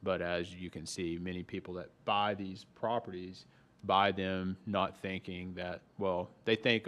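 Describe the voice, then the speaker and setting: A man on a town's planning staff, explaining zoning rules at a public meeting in a measured way with frequent restarts. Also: sits low, level tone, a bit bright. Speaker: town planning staff member. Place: town hall meeting room.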